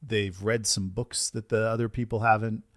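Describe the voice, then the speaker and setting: A man hosting a business podcast, talking in an energetic, emphatic way and often tagging his points with "right?". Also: lowish voice, moderate pace, no echo, studio quality. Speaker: podcast host and business coach. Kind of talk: casual podcast conversation.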